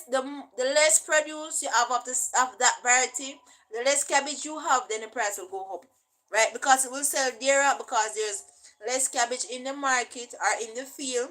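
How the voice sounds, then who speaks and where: A young woman with a Jamaican accent talks casually to camera as a vlogger. Her voice is bright and forward and sits a little high. She explains step by step and keeps checking in with her listener. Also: poor audio. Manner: chatty, checks in often with "right?".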